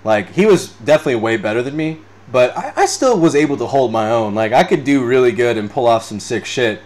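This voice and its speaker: A man's voice: medium pitch, animated, brisk, a little mellow. Rambling, profane young man. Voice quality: rambling, profane, laughs often. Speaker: podcast host. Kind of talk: unscripted casual chat reading live comments.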